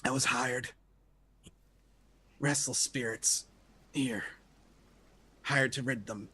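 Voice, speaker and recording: A dying young exorcist gasps out short, broken phrases, as a game master puts him on. His voice is mid-pitched and subdued. He sounds weak, wounded and burdened by guilt. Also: steady tone, slow, pushed and bright, husky, heavily acted. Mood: remorseful.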